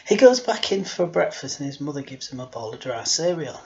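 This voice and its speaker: A man's voice: mid-range voice, sing-song, a little fast, few pauses, a little mellow, highs cut off. A man hosting a casual joke-telling home video. He rambles, mocks himself and sighs often between his lines. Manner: rambling, self-mocking, sighing often. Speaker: storyteller host.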